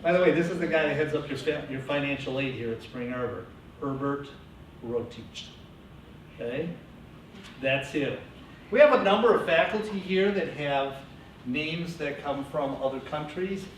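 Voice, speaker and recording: A man teaching a classroom lecture, lively and coaching his students. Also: on the high side, moderate pace. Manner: lively, coaching students through name pronunciation. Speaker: teacher educator. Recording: echoey classroom from far off, faint hiss.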